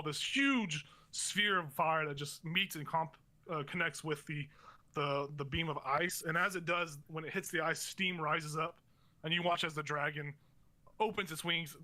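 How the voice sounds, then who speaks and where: A man's voice: on the high side, pushed and bright. A young man running a tabletop game as game master, narrating in a rambling way with many fillers and restarts.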